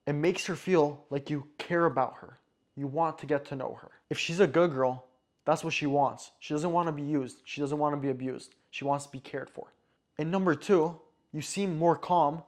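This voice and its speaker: A man giving dating advice to the camera in short, emphatic commands, sometimes acting out slow, relaxed lines. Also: fairly high pitch. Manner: acts out relaxed date lines slowly. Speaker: dating coach. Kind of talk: direct-to-camera advice talk.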